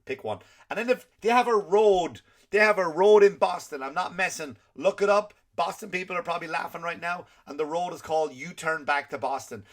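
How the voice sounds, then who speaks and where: A man's voice: on the high side, brisk. A man hosting a comedy podcast, ranting and swearing constantly in an exasperated, comic way. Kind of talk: profane comedic rant.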